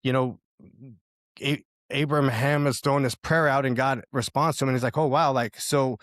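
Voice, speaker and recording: Co-host, male, mid pitch, hesitant and searching, dry close sound. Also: steady tone, moderate pace, a bit bright, no room sound. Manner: hesitant, many restarts and fillers, searching for words. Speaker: podcast co-host. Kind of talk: casual faith discussion.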